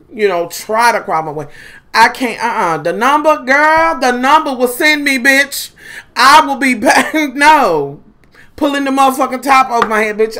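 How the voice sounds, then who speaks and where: A woman chats straight to her viewers in a loose, profane vlog. She tells it dramatically, cursing freely, and her voice jumps from loud, high outbursts down to quiet, low asides. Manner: profane, dramatic, animated storytelling. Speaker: vlogger. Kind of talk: casual chat to viewers.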